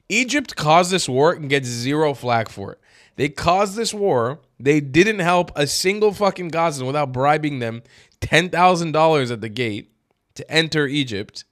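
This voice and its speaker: A man hosting opinionated political commentary, cursing freely and swinging from flat asides to loud, exasperated outbursts. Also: fairly high pitch, a little slow, no room sound, clean studio sound.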